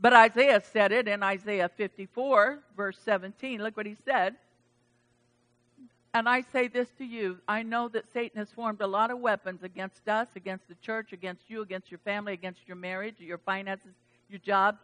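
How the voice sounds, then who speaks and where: A woman's voice: mid-range voice, fairly even intonation, normal speed, fairly bright tone. A woman pastor preaching a sermon, emphatic and chatty, with casual asides to the congregation.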